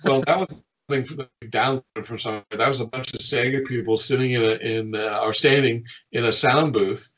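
A middle-aged man, a game designer, telling stories from his past work in a lively way, often chuckling and acting out what people said. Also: mid-range voice, brisk, lo-fi sound. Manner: lively storyteller who chuckles often and acts out quotes. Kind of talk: reminiscing anecdotes in an interview.

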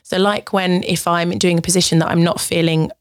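Giggly woman, slightly low voice. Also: flat delivery, brisk, dry recording, studio quality. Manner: giggly, self-conscious, lots of fillers. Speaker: podcast guest. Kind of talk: candid casual chat.

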